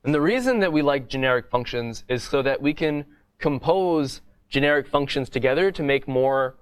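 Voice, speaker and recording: A man's voice: medium pitch, expressive, normal speed, clean tone. A man teaching a coding bootcamp lecture in a classroom, explaining step by step in a casual way and often asking "right?".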